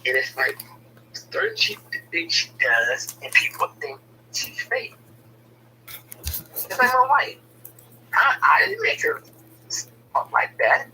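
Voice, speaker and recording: A man's voice: fairly high pitch, sharp tone, recorded from a distance, a little hiss or hum, low-quality recording. A man telling a personal story in casual, blunt, profane talk, often stumbling and repeating words as he starts a sentence.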